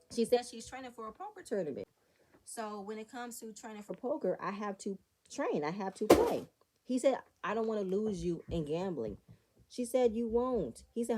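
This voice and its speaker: Woman reviewer, opinionated and sassy, mellow warm voice. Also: mid-range voice. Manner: sassy, opinionated, talks straight to viewers. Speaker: reality TV recap reviewer. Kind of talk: casual commentary.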